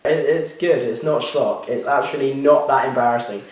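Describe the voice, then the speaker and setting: A man's voice: medium pitch, moderate pace. A young man co-hosting a casual chat, easygoing and agreeable, with lots of "yeah" and "you know". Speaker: podcast co-host. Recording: very echoey room, mic far away.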